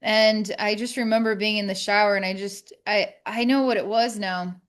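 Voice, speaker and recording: A woman's voice: mid-range voice, steady tone, clear, resonant tone. Reflective woman sharing her story. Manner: reflective, halting, with many restarts. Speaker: podcast guest. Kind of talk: candid personal storytelling.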